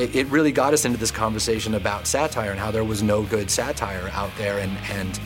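A man's voice: fairly low pitch, brisk, few pauses. A man in a documentary interview talking in an enthusiastic, rambling way. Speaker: animation co-creator interviewee. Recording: interview over music bed.

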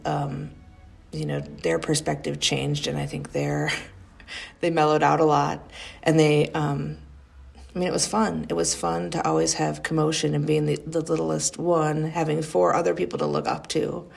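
Low, gravelly middle-aged woman reminiscing. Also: darkish tone. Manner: fond, rambling storytelling with frequent fillers and restarts. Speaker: interviewee, youngest of five siblings. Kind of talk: reminiscing family interview.

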